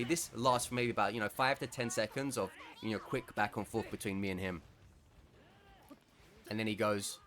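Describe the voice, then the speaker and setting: A man's voice: mid-range voice, a bit bright. A man casually telling an amused story over gameplay, often chuckling as he talks. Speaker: gaming content creator.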